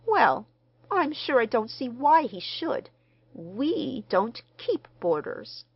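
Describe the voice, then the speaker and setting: A woman's voice: fairly high pitch, big pitch swings, slow pace, slightly rough, dry recording, highs cut off, pitched above the performer's own voice, full character voice. A woman reading the part of a stern middle-aged housewife who answers coldly and curtly. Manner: cold, curt, injured.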